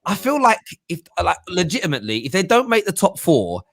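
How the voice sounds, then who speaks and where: A man hosts a casual football show, voice sitting a little high and lively, telling jokey stories. The sound is close and dry, with no room around it. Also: fairly quick, no echo. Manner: animated, jokey storytelling. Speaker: host.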